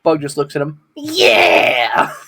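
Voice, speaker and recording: A woman's voice: lowish voice, normal speed. A woman playing in a tabletop game who describes her character's actions in a loose, giggly way full of likes. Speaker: player.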